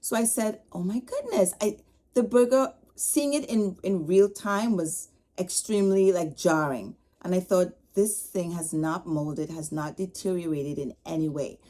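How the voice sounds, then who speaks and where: Mellow-voiced woman telling a story. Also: lowish voice, measured pace. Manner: animated, retells her upset with quoted dialogue. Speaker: podcast host. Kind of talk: casual storytelling.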